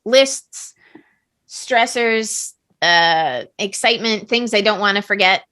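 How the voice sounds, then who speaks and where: A woman's voice: medium pitch, slow pace, pushed and bright. A woman co-hosting a podcast, chatting casually and practically about everyday routines. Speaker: podcast co-host. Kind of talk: casual chat.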